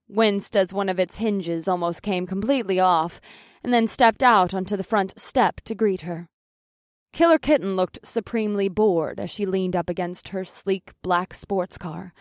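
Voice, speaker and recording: A woman's voice: medium pitch, moderate pace, dry recording, studio quality. A woman narrating a first-person fiction audiobook in a casual, wry storytelling manner.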